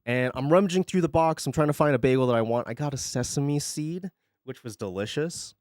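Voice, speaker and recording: A man's voice: medium pitch, brisk, a little mellow, no echo. A young man chatting on a live stream, rambling, sarcastic and profane, close to a desk mic at home. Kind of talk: casual chat on a live stream.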